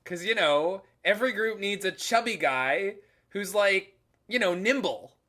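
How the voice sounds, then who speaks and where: A man's voice: high-pitched, animated, a little slow, pushed and bright. A man casually commenting while he streams a card game, rambling with lots of filler and jokey asides. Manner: jokey asides, laughs at his own remarks.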